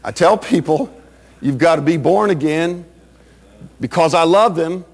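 A man's voice: on the high side, measured pace. A man preaching a Baptist sermon with a fervent, rising and falling cadence.

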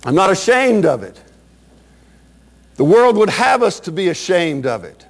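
A man's voice: high-pitched, sing-song, measured pace. A man preaching a Baptist sermon with a fervent, rising and falling cadence.

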